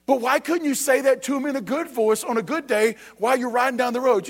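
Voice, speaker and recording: A man's voice: very high-pitched, fast, few pauses. A man preaching a sermon as pastor, emphatic and repetitive, speaking straight to the congregation.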